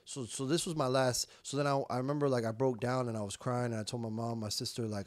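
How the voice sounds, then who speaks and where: A young adult man with a medium pitch talks fast with few pauses and fairly even intonation, and there's no room sound. As a podcast guest he tells a candid recovery story in conversation, using swearing street slang, emphatic, repeating words and quoting himself.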